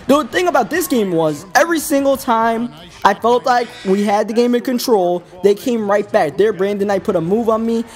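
A man's voice: sits high, moderate pace, darkish tone. A man hosting a gaming video, giving casual, rambling play-by-play commentary with an exasperated, self-critical tone.

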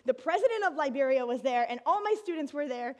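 A woman from the United States tells her story to an audience in a high, bright voice. She talks in an animated way, laughs often, and now and then breaks into excited shouts. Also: fast talker. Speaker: speaker giving a talk.

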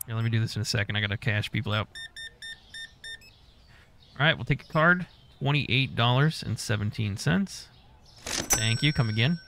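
Gravelly-voiced man swearing through gameplay. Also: on the low side, animated, normal speed, pauses often, sharp tone, a little hiss or hum. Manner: profane, talks to game characters, mock-scolds customers and staff. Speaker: gaming YouTuber. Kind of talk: casual gameplay commentary.

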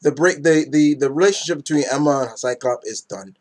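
Excitable young man reviewing comics. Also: on the high side, brisk. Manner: excitable, rambling, acts out characters' lines. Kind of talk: casual review vlog.

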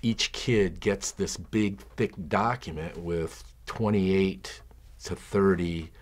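Earnest low-voiced male teacher. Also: slow. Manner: earnest, musing, trails off. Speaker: high school philosophy teacher. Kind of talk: reflective documentary interview.

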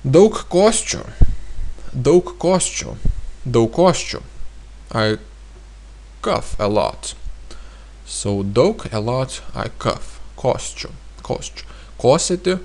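In this language lesson, the male teacher's voice sits fairly low. He goes over each phrase repeatedly and talks through it casually, as if thinking aloud, with frequent fillers.

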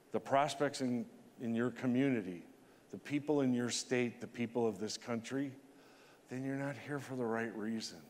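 Emphatic man in his sixties, hall reverb. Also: darkish tone. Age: 60s. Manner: emotional, emphatic, rising to high pitch at peaks. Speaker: conference keynote speaker. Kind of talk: motivational keynote speech. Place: large conference hall.

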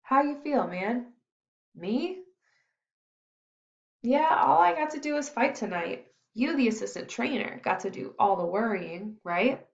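A woman's voice: a little high, expressive, unhurried, gravelly, long pauses, roomy sound, lo-fi sound. A woman voicing an eager, curious teenage boy who is a boxer, asking many questions.

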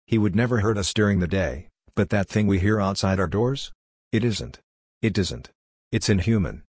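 A man's voice: fairly low pitch, lively intonation, moderate pace, a little mellow, slightly rough, dry recording. A man voicing a frightened, stern teenage girl who urgently pleads with her sister.

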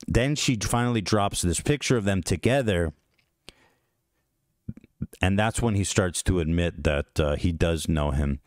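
A man with a very low voice reads out a string of text messages and comments on them. His delivery is brisk and flat, and the sound is close and dry, with no room around it. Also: no echo.

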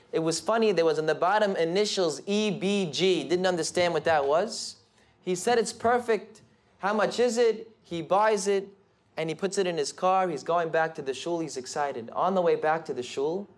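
High-voiced man telling a sermon story. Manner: animated, building excitement. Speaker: rabbi and speaker.

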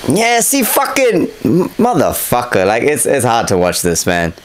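A man's voice: medium pitch, wildly swooping pitch, normal speed, slight background noise, rough recording. A young man casually narrating over footage of his own boxing fight, candid and self-critical, swearing freely. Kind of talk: casual fight breakdown commentary.

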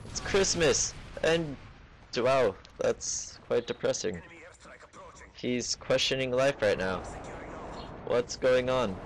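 A man's voice: lowish voice, steady tone, slow, creaky, hardly any pauses, a little hiss or hum. A man putting on a vague foreign accent as a mocking play-by-play commentator over gameplay. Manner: dry, mocking play-by-play narration. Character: male mock commentator in a made-up foreign accent.

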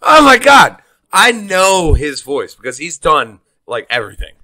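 A man's voice: fairly high pitch, measured pace, no echo. A man hosting a podcast, chatting casually and reacting with enthusiasm. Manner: excitable, enthusiastic. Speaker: podcast host.

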